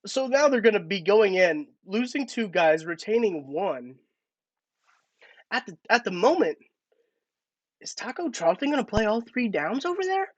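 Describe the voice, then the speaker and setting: A man's voice: high-pitched, sing-song, moderate pace, long pauses, no room sound. A man hosting a casual live-stream sports talk, chatty and thinking aloud with restarts. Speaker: podcast host.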